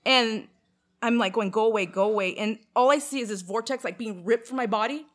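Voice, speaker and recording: A woman's voice: on the high side, normal speed. A young woman from Canada telling a long personal story in casual chat, with lots of fillers and acted-out quotes. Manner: animated, many fillers, acts out quotes.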